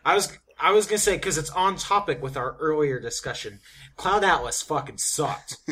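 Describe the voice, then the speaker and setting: A man's voice: a little high, lively intonation, moderate pace, sharp tone, slightly rough. A man co-hosting a casual podcast, blunt and swearing freely. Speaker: podcast co-host.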